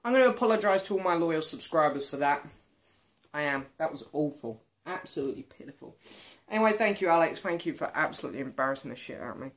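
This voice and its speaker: A man's voice: on the high side, expressive, quick pace, fairly bright tone. A young British man answering viewer questions in a casual, self-mocking vlog. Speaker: vlogger. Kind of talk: casual Q and A chat.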